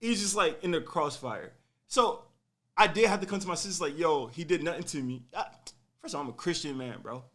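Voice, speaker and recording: A young man spins a personal story on a podcast, his voice swinging widely in pitch as he acts out every line people said. The tone is bright and slightly raised, the talk loose and slangy. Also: a little fast. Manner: animated, slangy, acts out quotes. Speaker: podcast host telling a story. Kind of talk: casual storytelling.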